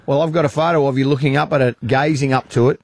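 Husky Australian man protesting on radio. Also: medium pitch, steady tone, fast talker, a little mellow, no echo. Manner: defensive, protesting, talks over others. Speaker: radio host. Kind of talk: bantering radio chat.

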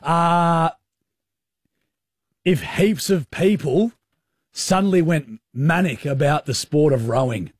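A man's voice: on the high side, slow pace, pauses often, breathy edge, no echo, clean studio sound. A man hosting a radio quiz, teasing contestants along with cheeky hints.

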